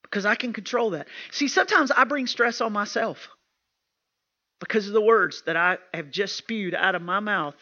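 Emphatic woman preaching, bright tone. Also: mid-range voice, moderate pace, lo-fi sound. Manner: emphatic and repetitive, with plain homespun talk. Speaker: women's retreat speaker. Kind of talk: sermon.

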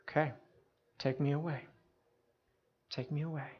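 A woman doing a calm solemn teacher. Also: low voice. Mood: resigned. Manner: quiet and measured. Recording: dull lo-fi sound.

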